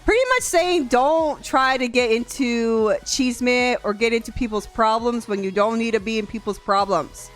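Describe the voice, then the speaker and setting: A young woman streamer chatting casually on a live stream, animated and quick to laugh, swearing freely. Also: on the high side. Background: faint music.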